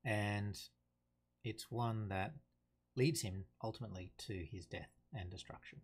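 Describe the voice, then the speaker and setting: A man giving an unhurried, thoughtful lesson on a play, reading quotations aloud plainly. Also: fairly low pitch, husky. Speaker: teacher explaining a play. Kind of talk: casual explanatory lesson.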